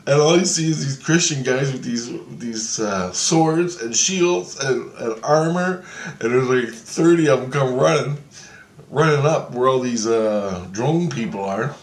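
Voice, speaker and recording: Excitable man telling a dream story. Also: measured pace, roomy sound. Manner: excitable, swearing, acts out quotes in high voice. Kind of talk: casual animated storytelling.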